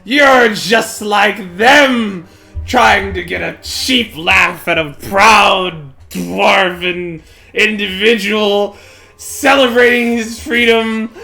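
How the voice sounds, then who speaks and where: Guy doing a huffy drunk dwarf yelling, high and bright. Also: steady tone, slow pace, heavily acted. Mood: indignant. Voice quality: loud, huffy shouting. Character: drunk proud male dwarf, indignant and blustering.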